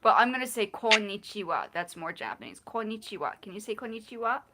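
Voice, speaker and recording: Woman host, mid-pitched, playful and laughing, patiently coaching sounds in a casual stream. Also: sing-song, fast talker, very noisy. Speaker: livestream host. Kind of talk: casual livestream chat.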